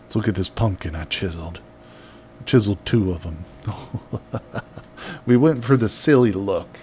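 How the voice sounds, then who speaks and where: A man's voice: lowish voice, measured pace, dark tone, slight background noise. A man chatting casually on a live game stream, reading out viewer messages and laughing often. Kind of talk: casual live-stream chat while building.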